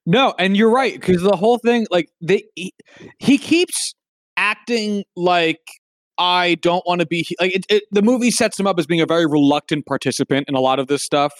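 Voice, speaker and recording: A person co-hosting a casual film chat, talking in an animated, incredulous, profane way. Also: mid-range voice, moderate pace, dry recording, studio quality.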